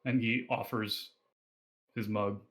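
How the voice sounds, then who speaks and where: A man with an Australian accent narrating a tabletop game as game master, pausing often with fillers. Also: fairly low pitch, flat delivery, fairly bright tone, poor audio. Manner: hesitant, many fillers and restarts.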